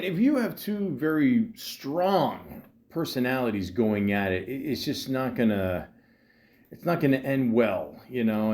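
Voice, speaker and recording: A man hosting a podcast, telling his story in a rambling, halting way with many fillers and restarts, and dropping wry, sardonic asides. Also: medium pitch, darkish tone. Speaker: podcast host. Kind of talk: casual monologue.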